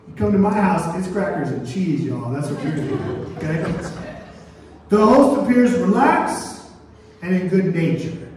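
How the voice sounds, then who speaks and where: Man, pastor, lively sermon delivery, high voice, booming church hall from a distance. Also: a little slow. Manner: animated preaching with call-and-response questions. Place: church sanctuary.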